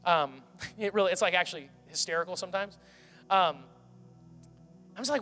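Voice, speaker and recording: A man's voice: high-pitched, moderate pace, bright, forceful tone, in a large hall, faint music behind. A pastor in his thirties preaching a sermon with passion, often restarting his sentences. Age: 30s. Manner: impassioned, rambling with restarts. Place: church hall.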